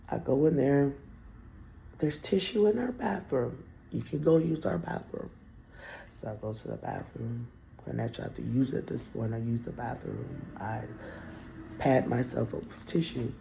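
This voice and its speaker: A woman's voice: very deep voice, creaky, dark tone, slight background noise. A woman telling a rambling, profane story straight to her viewers in a casual monologue.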